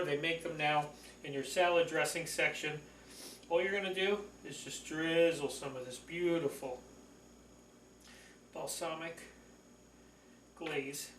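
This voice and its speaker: A man's voice: fairly high pitch, fairly bright tone, reverberant, a little hiss or hum. A man hosting a casual cooking demonstration, chatty and folksy, gushing over the food as he works in a kitchen. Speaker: cooking show host.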